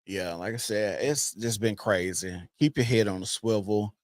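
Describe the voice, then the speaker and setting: A man's voice: fairly low pitch, moderate pace, no room sound, studio quality. A man hosting a casual podcast, talking loosely and profanely and laughing often. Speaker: podcast host.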